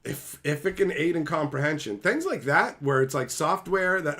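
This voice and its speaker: Male streamer, angry profane rant, animated swooping pitch, slightly high voice. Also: normal speed, hardly any pauses. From Canada. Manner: angry, profane, sarcastic ranting. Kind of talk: live-stream rant to chat.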